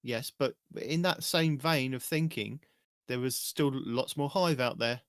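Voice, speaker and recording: A man's voice: mid-range voice, unhurried, a bit bright, clean tone, dry recording. Man musing, dry close sound. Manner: speculative, musing. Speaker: podcast co-host. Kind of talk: casual chat.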